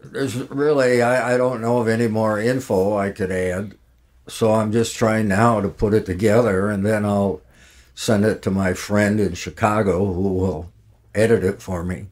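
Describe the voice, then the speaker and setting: A man's voice: fairly low pitch, fairly even intonation, measured pace, a little mellow. A man who is a regular on a podcast and collects records, plain-spoken and brief. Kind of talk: casual chat.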